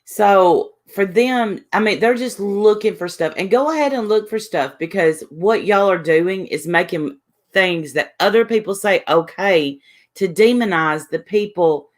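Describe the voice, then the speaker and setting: A woman's voice: mid-range voice, measured pace. A woman, chatting casually on a livestream, rambling defensively and reading viewers' messages aloud. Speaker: livestream host.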